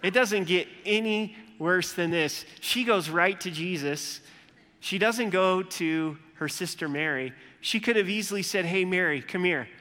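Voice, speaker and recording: Animated pastor preaching in a reverberant church hall. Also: male voice, sits high, measured pace. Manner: animated, acts out quoted voices with humor. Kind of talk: sermon.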